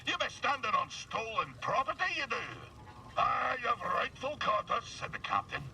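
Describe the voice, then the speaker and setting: An actor playing a grizzled alien space pirate in a video game, spinning a theatrical yarn in a gruff seafaring drawl. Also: male voice, very high-pitched, big pitch swings, moderate pace, sharp tone, exaggerated voice. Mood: storytelling. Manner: theatrical storyteller, relishes gory boasts. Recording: distant game audio with faint hiss.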